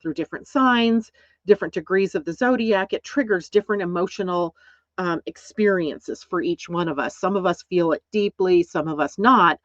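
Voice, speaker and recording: A woman's voice: fairly low pitch, moderate pace, dry recording. A woman teaching astrology in a casual, reflective way, often checking in with listeners. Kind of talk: casual explanatory talk. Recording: dull, lo-fi, dry recording.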